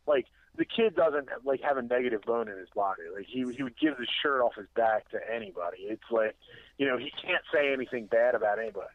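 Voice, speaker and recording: A man's voice: mid-range voice, quick pace. Rambling man telling stories down a phone line. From Delaware. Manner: rambling, many restarts, acts out quotes. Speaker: podcast guest, wrestling promoter. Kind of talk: casual road-story chat. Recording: dry tinny phone-line sound.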